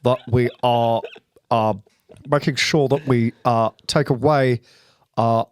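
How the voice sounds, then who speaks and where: A man's voice: medium pitch, steady tone, clean tone, lightly acted. A man impersonating a stammering, nasal middle-aged male prime minister who chokes on his words. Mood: stilted. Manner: stuttering, halting, nasal as if blocked nose.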